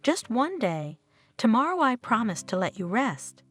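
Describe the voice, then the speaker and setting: A woman's voice: fairly high pitch, very animated, a little slow, a bit bright, soft background music, exaggerated voice. A woman voicing an earnest, pleading young father in a storybook.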